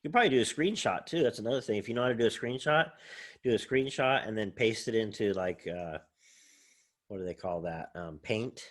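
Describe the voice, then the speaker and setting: A man's voice: fairly low pitch, fairly quick. Casual, rambling man lecturing. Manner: casual, rambling, thinks aloud with many fillers. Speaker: college English professor. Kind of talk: recorded online lecture with screen share.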